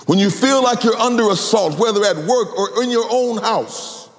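Sing-song preaching man in an echoey hall. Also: normal speed. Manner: sing-song preaching cadence, swings between loud cries and low murmurs. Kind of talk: sermon.

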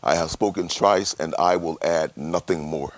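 A man voicing a humbled Job, speaking low and quietly with halting, contrite words. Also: no echo, lightly acted.

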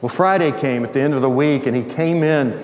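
A male teacher from the US Midwest telling an animated personal story and acting out the dialogue. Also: medium pitch, a little fast, a little hiss or hum. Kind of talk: storytelling testimony. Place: large hall. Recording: echoey hall reverb.

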